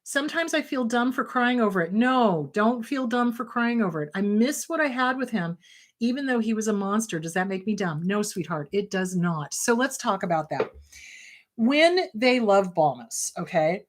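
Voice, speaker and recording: A middle-aged woman therapist hosting a live advice show, answering viewer questions in an emphatic, warm and reassuring way. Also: medium pitch, animated, moderate pace. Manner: emphatic, warm and reassuring, calls listeners sweetheart.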